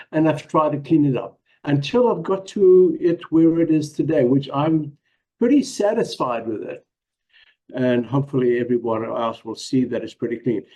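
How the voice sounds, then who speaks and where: A man's voice: fairly high pitch, moderate pace, mellow, low-quality recording. A man with a South African accent, giving a casual presentation as a guest, modest and hesitant, with many ums and small laughs.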